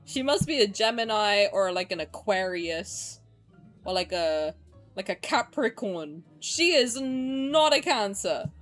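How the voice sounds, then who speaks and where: A young woman streamer excitedly commenting on a game playthrough, swearing and laughing often. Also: mid-range voice, takes it slowly, soft background music.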